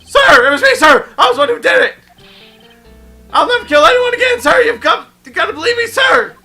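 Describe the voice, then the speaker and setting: A man voicing an overeager young police officer who shouts and barks "sir" after everything, in a video game playthrough. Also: extremely high pitch, sing-song, a little fast, soft background music, heavily acted. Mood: frantic. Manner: shouting, barks 'sir' constantly.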